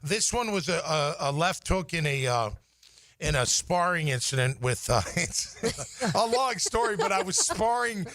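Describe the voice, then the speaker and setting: A man with a high, bright voice spins a lively, self-mocking tale on a sports radio show. His pitch swings widely as he tells it. The studio sound is dry and close. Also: moderate pace, dry recording. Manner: lively, self-mocking storyteller who acts out quotes. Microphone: studio microphone.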